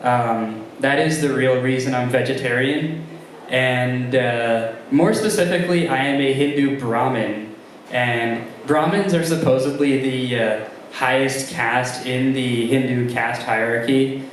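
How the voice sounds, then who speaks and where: A young man doing a stand-up comedy set, talking haltingly with many ums and restarts. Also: medium pitch, distant mic, slight background noise. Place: comedy club room with a live audience. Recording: very roomy live room sound.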